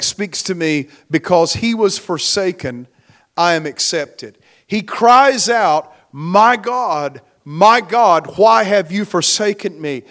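Slow, emphatic preaching man. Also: high-pitched, a bit bright. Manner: slow, emphatic preaching with rising and falling force. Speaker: pastor. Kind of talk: sermon. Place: church.

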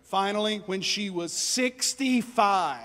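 Very high-voiced preacher, shouting. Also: male voice, takes it slowly. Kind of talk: sermon. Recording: long hall reverb.

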